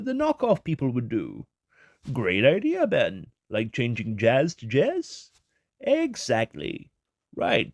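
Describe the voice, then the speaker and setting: A man's voice: sits high, creaky, no echo, clean studio sound, voice pushed up, full character voice. A man voicing lazy, careless toy company executives in a bouncy, comic sketch.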